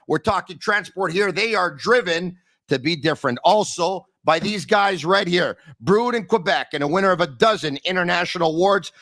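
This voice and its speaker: A man hosts a hockey podcast monologue in a high, fairly bright voice captured on a dry recording. He talks energetically and emphatically, repeating phrases for effect.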